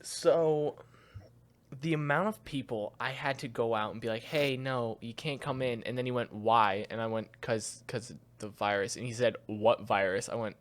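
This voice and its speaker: A young man co-hosting a casual podcast, telling stories from his retail job. He acts out the customers and himself in quick back-and-forth. His voice sits at an ordinary middle pitch. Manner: storytelling, acts out both sides of conversations. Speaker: podcast co-host. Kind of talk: casual chat.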